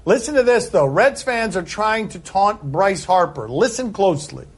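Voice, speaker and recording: A man hosting a sports talk show, bantering loudly over highlight clips and jumping into excited yelps. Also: normal speed, heavy background noise. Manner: excitable, jumps into high-pitched yelps.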